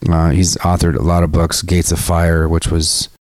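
A man with a lowish voice, talking in a loose, rambling way and swearing freely as he gives creative advice. The sound is dry and close, with no room echo. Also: completely flat delivery, moderate pace, darkish tone. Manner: rambling, profane and earnest. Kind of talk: casual talk to camera.

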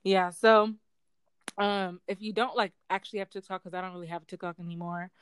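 A young woman co-hosting a podcast, telling stories in a rambling, animated way with lots of fillers. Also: fairly low pitch, fairly quick, smooth, no echo. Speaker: podcast co-host. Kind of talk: casual chat.

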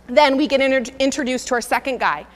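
A woman's voice: high-pitched, fast. Woman preaching in a reverberant hall. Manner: earnest, builds to emphatic repetition. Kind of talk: sermon with scripture reading.

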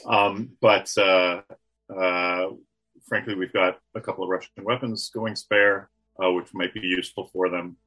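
A man's voice: low voice, steady tone, unhurried, sharp tone, rough recording. A man playing a tabletop game who makes dry, wry remarks. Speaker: player. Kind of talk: casual tabletop play.

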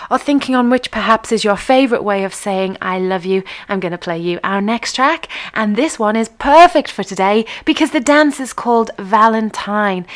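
A woman hosting a live show, chatting casually with listeners and laughing at her own pronunciation. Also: medium pitch. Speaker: radio show host.

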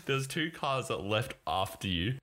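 A man's voice: on the low side, big pitch swings, moderate pace, fairly bright tone. A young man, co-hosting a podcast in a laid-back, joking chat. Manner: joking, laid-back, laughing through his words. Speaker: podcast co-host. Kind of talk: casual chat.

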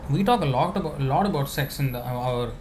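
A man giving a conversational spiritual talk, answering questions with many fillers and restarts, now and then laughing softly. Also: medium pitch, expressive, a little fast, slight background noise.

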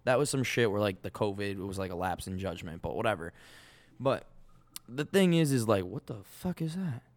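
A young man, co-hosting a podcast and telling stories in a lively, profane way. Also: fairly low pitch, moderate pace, no echo. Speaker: podcast co-host. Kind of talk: casual chat.

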